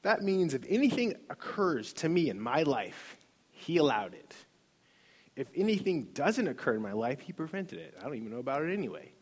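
A middle-aged man tells his faith story to a workshop group, his voice husky and slightly breathy. He speaks earnestly and with feeling, often restarting his sentences as he goes. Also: a little high, very animated, fairly quick. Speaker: workshop leader. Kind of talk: personal testimony.

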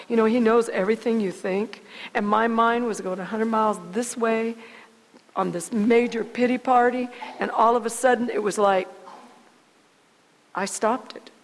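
A woman with a somewhat high voice tells her personal faith story, halting and earnest and often circling back on her words. Her voice rings out with a long reverb, as if she is speaking in a large hall. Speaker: guest sharing testimony.

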